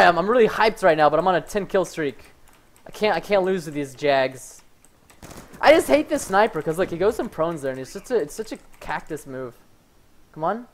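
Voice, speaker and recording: Excitable young man commentating gameplay. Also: high voice, a little hiss or hum. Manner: excitable, yells when hyped, says "fudge" instead of swearing. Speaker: gaming streamer.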